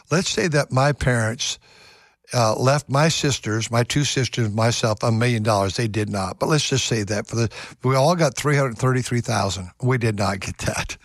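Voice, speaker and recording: A man's voice: mid-range voice, no echo, clean studio sound. A man preaching a radio sermon, reading scripture and commenting earnestly, often repeating words as he gets stirred up. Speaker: pastor.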